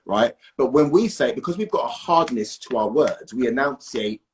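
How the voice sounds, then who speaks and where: A man's voice: medium pitch, moderate pace. A man, a guest in a casual conversation, talking emphatically and checking in with "right?". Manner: animated, emphatic, asks "right?" often.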